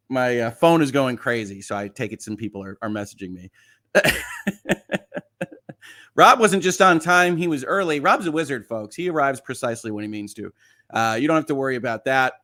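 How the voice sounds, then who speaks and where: A man's voice: mid-range voice, animated, normal speed, fairly bright tone. A middle-aged man hosting a casual livestream, chatting and reassuring viewers while reading their comments, often laughing. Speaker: host.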